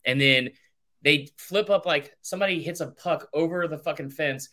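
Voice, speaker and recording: A man co-hosting a podcast, chatting casually and ranking movies with blunt, animated opinions and some swearing. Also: on the high side, normal speed. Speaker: podcast co-host. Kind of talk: casual chat.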